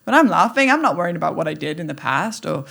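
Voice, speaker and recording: A woman talking as a podcast guest in an animated, playful way, acting out little scenes as she speaks. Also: sits low, fast talker, vocal fry. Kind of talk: conversational interview.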